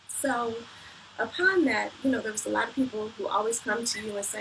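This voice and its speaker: A woman's voice: a little high, brisk, creaky. A woman telling her personal story in an earnest, reflective way, often repeating phrases, as a motivational speaker. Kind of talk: personal testimony. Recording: distant mic with background noise.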